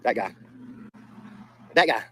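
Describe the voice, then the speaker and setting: Speaking slowly in a pushed, bright voice, a young man with a Southern US accent reacts to his stream chat. He's profane, blunt and laid-back, tending to repeat himself, and the recording is rough.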